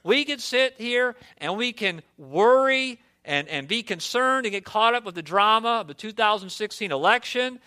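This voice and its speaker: A young man preaching with a high, bright voice. He builds his points with passion and keeps firing rhetorical questions at the congregation. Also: expressive, moderate pace, hardly any pauses, clean tone. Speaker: pastor. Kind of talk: sermon.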